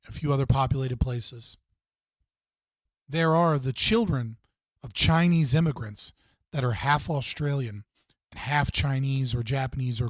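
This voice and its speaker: A man's voice: mid-range voice, no room sound, studio quality. A man hosting a live stream, casually reacting to clips in a rambling way with lots of fillers and frequent laughs.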